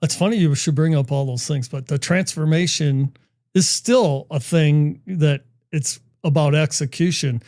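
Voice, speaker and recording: A man's voice: a little high, unhurried, a little mellow, dry recording, clean studio sound. A middle-aged man as a podcast guest in casual chat, talking with enthusiasm and frequent fillers.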